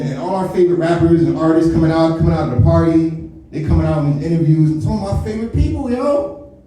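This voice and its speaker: A male comedian works a club stage, swearing freely and slipping into mock voices as he riffs. His voice sits a little high but has a mellow, dark tone. He is picked up from a distance, and a big echoing room rings behind every line. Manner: loose, swearing, slangy storytelling with mock impressions. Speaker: stand-up comedian. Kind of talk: live stand-up set. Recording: echoey venue picked up from a distance.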